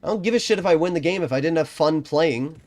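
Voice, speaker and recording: A man's voice: animated, fast talker. A man live-streaming a tank game, talking through his plays and ranting when things go wrong. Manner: frustrated ranting, swears often; quiet, low-key strategy talk. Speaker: gaming streamer.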